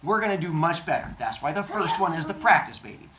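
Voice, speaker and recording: A woman's voice: lowish voice, animated, fast talker, a crowd in the background, lightly acted. A woman voicing Mother Earth as a doting, coaxing mother goddess in comic storytelling. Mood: scheming. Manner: sweet, coaxing, calls him hon.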